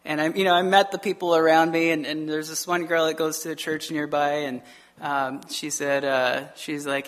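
Animated male pastor preaching. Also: a little high. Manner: animated, digressive, acts out quoted voices; frequent fillers and quick asides. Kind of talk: sermon.

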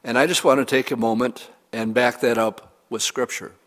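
With a mid-range voice, a male pastor preaches by reading passages of scripture and explaining them earnestly and expressively, pausing along the way. Long reverb from the hall fills the recording.

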